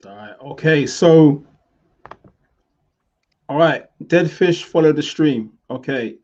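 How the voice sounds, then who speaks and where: A man hosts in an upbeat way, pitched a little higher than most men. His voice comes through muffled and lo-fi, as if from a basic mic. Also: slow. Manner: upbeat, reading fan questions and shout-outs. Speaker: host. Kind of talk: casual chat, live show hosting.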